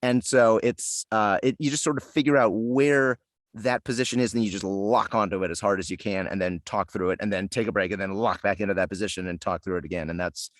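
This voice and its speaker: A man's voice: fairly low pitch, steady tone, brisk, no room sound. Chatty man in a dry, close room. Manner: chatty, self-deprecating, lots of fillers and restarts. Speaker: voice actor guest. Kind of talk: casual interview chat.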